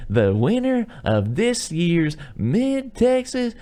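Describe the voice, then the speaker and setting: A man's voice: high voice, wildly swooping pitch, slow pace, warm tone, pitched above the performer's own voice, exaggerated voice. A man voicing a male festival announcer, drawing out his words in a showy way. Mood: hyped. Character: booming slow adult male festival announcer.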